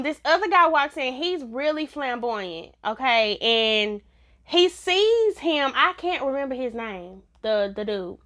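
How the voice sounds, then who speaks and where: A woman's voice: high voice, a bit bright. A woman giving a casual, blunt TV review in a vlog, laughing often. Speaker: TV show reviewer.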